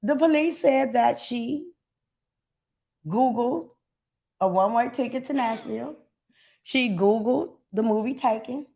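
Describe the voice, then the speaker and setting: Podcast lady chatting, bit of fry in her voice, laughs a lot. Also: fairly high pitch, unhurried, pauses often. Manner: animated, laughs often. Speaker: podcast co-host. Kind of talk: casual chat.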